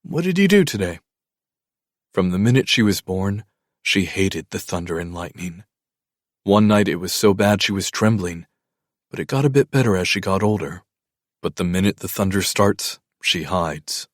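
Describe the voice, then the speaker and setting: Male audiobook narrator, deep and even, dry close-miked studio read. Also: normal speed, dry recording. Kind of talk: first-person audiobook narration.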